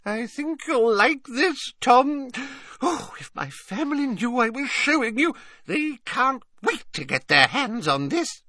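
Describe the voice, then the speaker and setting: A man's voice: extremely high pitch, big pitch swings, measured pace, pushed and bright, no room sound, clean studio sound, voice pushed up, heavily acted. Man putting on a simpering old rich lady. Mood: coy gushing. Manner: simpering, coy, gushing.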